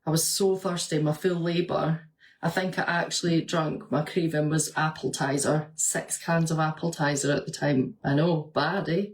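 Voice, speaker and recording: Speaking at a moderate pace in a slightly low voice, the nurse and vlogger responds to comments from her viewers. She is lively and talkative, laughing frequently through her stories.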